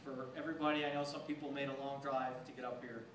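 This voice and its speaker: A man's voice: mid-range voice, little pitch movement, quick pace. A man, the groom, gives a short, plain-spoken thank-you speech at his wedding reception. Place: chilly outdoor wedding venue. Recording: echoey, distant mic, crowd and noise.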